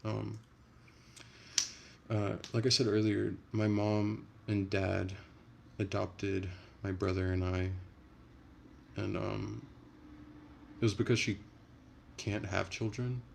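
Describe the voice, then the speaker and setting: Young guy livestreaming on his phone, deep gravelly voice, swears a lot, rambling chat. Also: takes it slowly, long pauses, slight background noise. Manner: chatty, profane, animated ranting. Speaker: livestream host. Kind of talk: casual livestream chat reading comments.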